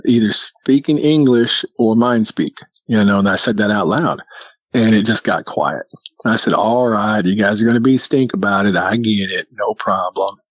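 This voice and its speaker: A man's voice: fairly low pitch, moderate pace, breathy edge, no room sound, low-quality recording. A middle-aged man telling his own encounter story in a casual, earnest, folksy way. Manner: earnest, matter-of-fact, folksy.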